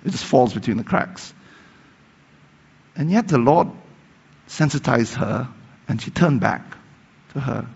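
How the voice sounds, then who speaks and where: A gravelly, husky male preacher telling a story in a sermon, rising to emphatic peaks and then dropping to hushed tones. His voice rings with a long reverb in a large hall. The recording sounds dull and lo-fi. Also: mid-range voice, expressive, a little slow, long pauses. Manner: retells a story with emphatic rises and soft, hushed passages.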